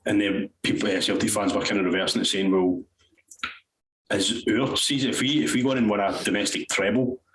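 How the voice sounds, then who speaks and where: A man's voice: on the low side, fairly even intonation, a little fast, a bit bright. A Scottish man co-hosting a podcast, chatting casually about football with rambling, restarting sentences and casual swearing. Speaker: podcast co-host. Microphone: headphones on a remote call. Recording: echoey room, faint noise.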